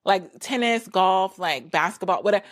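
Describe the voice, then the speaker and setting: Casting note: woman host, casual solo talk, mid-pitched, chatty and filler-heavy, slips into quoted voices. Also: lively intonation, moderate pace. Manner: chatty, frequent "like" fillers, acts out quoted people. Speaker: podcast host.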